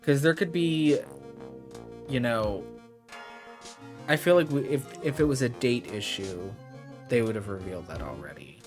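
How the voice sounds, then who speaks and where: A man's voice: medium pitch, lively intonation, a little slow, pauses often. A male streamer chatting and reacting with amusement while playing a game, laughing often. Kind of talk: casual gameplay commentary. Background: game music.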